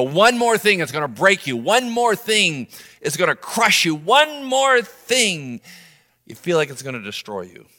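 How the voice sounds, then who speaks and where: A middle-aged man preaching a sermon, animated, swinging between loud emphasis and soft low asides. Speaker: pastor. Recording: long reverb of a large room.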